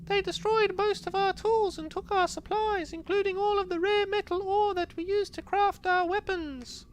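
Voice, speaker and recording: A man voicing a weary, lonely old male monk in a strained high voice while reading game text aloud. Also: fairly even intonation, moderate pace, slight background noise. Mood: solemn.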